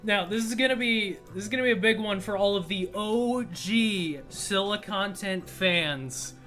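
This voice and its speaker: A man's voice: high-pitched, measured pace, sharp tone, faint music behind. Wry young man streaming, laughing often. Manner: wry, laughs a lot, swears casually. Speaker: streamer host. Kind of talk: casual livestream commentary.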